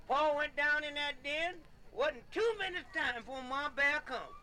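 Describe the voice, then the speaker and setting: A man's voice: very high-pitched, a little slow, few pauses, sharp tone, rough recording. A man telling comic folk stories in a folksy way, often laughing and repeating "yeah.". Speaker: storyteller.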